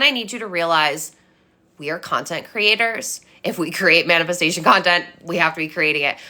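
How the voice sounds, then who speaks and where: Young female life coach, punchy delivery, sharp bright tone, lots of swearing and repetition. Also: mid-range voice. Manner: emphatic, blunt, swears freely; preachy, repetitive. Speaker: manifestation coach. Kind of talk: motivational monologue.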